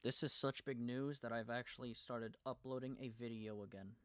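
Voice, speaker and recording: A young man streaming live and chatting casually, nervous and excited, stumbling and restarting his sentences often. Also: mid-range voice, normal speed, smooth.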